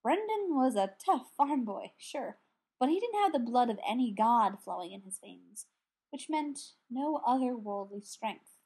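Woman narrator, audiobook, breathy and somewhat high. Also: animated, unhurried, darkish tone.

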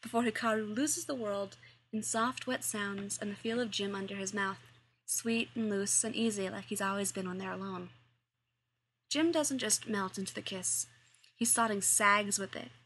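A woman narrating a story aloud in an expressive, wry reading style. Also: medium pitch, moderate pace, a little hiss or hum. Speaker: reader. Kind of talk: audiobook narration.

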